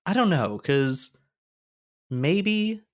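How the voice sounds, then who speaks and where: A man's voice: fairly low pitch, moderate pace, a bit bright, clear, resonant tone. Guy guest on a podcast, rambly, says like a lot, jokey. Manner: rambling, lots of fillers, joking. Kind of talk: casual chat.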